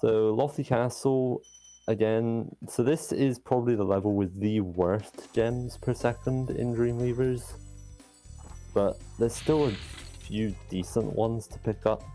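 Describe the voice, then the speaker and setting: A man's voice: mid-range voice, fairly even intonation, measured pace, mellow, faint music behind. A man explaining his own speedrun live in a matter-of-fact, explanatory way.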